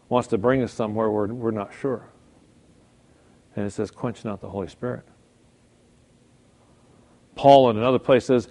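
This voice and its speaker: A man's voice: mid-range voice, darkish tone. Man preaching in a conversational way. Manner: conversational preaching, rhetorical check-ins. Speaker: pastor. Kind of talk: sermon.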